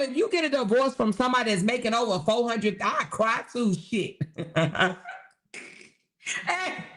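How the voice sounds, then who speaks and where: A woman's voice: on the high side, a bit bright. A woman hosting a commentary livestream, talking in a blunt, sarcastic, profane way. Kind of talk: casual commentary.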